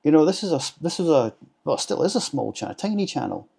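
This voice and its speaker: A man's voice: on the high side, very animated, quick pace, gravelly, mellow, slightly rough. Sweary Scottish man reading comments. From Scotland. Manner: sarcastic, blunt and sweary. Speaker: vlogger reading viewer comments. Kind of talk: casual chat.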